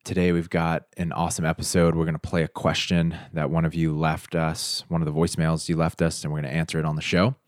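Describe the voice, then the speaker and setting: A man's voice: extremely low pitch, little pitch movement, fast talker, hardly any pauses, no echo, studio quality. A man from the United States co-hosting a podcast, talking in an upbeat, casual way straight to his listeners. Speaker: podcast co-host.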